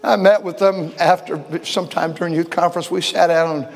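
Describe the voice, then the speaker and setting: An older man preaching a folksy sermon, repeating words and swinging from shouts to quiet talk. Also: fairly high pitch, fairly even intonation, brisk, creaky. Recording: long hall reverb.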